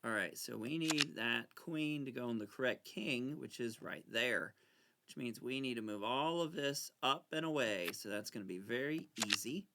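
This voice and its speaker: A channel host plays solitaire and talks through it in casual, excitable commentary, bickering with himself and hamming up his fear at a moderate pace. His gravelly voice swings widely in pitch, and a steady layer of noise sits under the recording.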